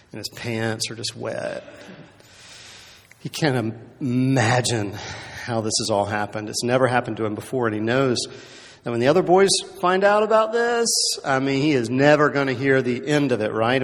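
A man preaching a sermon in a conversational storytelling way, often checking in with the listeners and repeating words as he goes. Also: medium pitch. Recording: long hall reverb.

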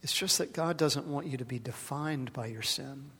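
Male pastor, sermon, loud emphatic peaks, hushed soft stretches, repeated words, long reverb of a big worship hall. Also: medium pitch, normal speed, husky. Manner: dramatic, swings from loud emphasis to hushed softness; repeats words when stirred.

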